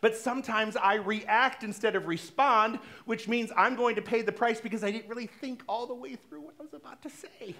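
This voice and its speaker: A man's voice: extremely high pitch, normal speed, few pauses, sharp tone. A middle-aged man, a minister, giving a conversational, playful sermon in a church, acting out little everyday dialogues. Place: church sanctuary.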